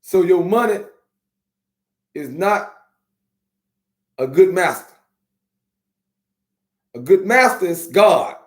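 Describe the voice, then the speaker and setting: A man hosting a podcast, talking casually and streetwise to his viewers, slowing down to preach his points. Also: sits high, lively intonation. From Miami. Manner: streetwise, preachy, drawn-out slow emphasis. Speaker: podcast host. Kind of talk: casual live-stream talk to viewers. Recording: echoey room.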